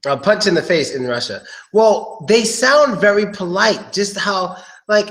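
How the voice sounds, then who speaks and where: A man hosts a casual live-stream lesson on English pronunciation. His voice sits a little high, and he chats and jokes straight to his viewers. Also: sing-song, moderate pace, hardly any pauses, fairly bright tone. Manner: chatty, joking, talks straight to viewers.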